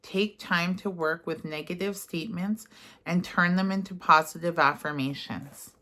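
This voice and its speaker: A woman leading a guided affirmation session, reading gently and then talking casually with fillers. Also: on the low side. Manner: gentle and unhurried, slipping into casual fillers when speaking freely. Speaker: self-help guide. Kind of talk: guided affirmation session, partly read aloud.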